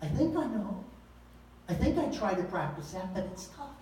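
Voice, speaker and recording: A man's voice: high-pitched, big pitch swings, normal speed, warm tone, a little hiss or hum. A male pastor preaching a sermon in a folksy, conversational way, with slang and pointed rhetorical questions. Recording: echoey room, voice from far off.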